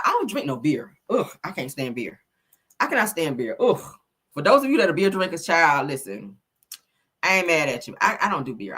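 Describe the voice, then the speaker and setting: A woman's voice: low voice, sharp tone, breathy edge. A woman hosting a casual live-stream gossip chat, sassy and profane, reading out viewer comments. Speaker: host.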